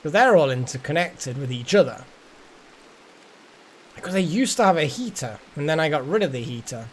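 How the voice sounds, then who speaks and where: A man giving casual, rambling commentary while streaming a game, swearing now and then and thinking out loud. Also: a little high, expressive, moderate pace, long pauses, a little hiss or hum.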